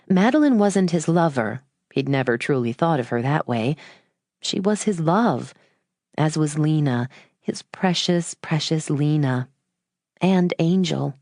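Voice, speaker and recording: A woman with a low, grounded voice reads a family drama audiobook aloud. She takes her time, measured and earnest, letting the sentences settle. The sound is dry and close, with no room around her. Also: darkish tone, dry recording. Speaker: audiobook narrator. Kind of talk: scripted audiobook narration.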